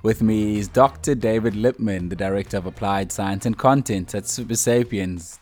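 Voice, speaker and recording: Male podcast co-host, low-ish voice, relaxed chatty delivery. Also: normal speed, few pauses, soft background music. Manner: relaxed, laughs easily, fillers. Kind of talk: casual podcast chat.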